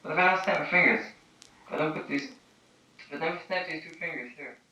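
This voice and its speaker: A man's voice: on the high side, fast talker, bright, forceful tone. A man talking in a giggly, drifting, repetitive ramble, recorded for a documentary on old tape. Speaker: documentary subject. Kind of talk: candid rambling monologue. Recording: echoey, distant, dull old tape.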